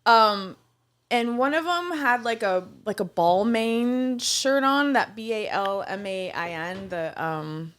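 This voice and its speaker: A woman co-hosting a casual podcast, telling a story in an animated way and stumbling over words now and then. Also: medium pitch, slow. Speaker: podcast co-host; restaurant server.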